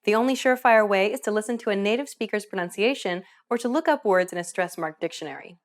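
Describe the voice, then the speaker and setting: A woman presenting a scripted language lesson, with upbeat and clear instructional delivery. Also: mid-range voice, quick pace. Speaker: language teacher.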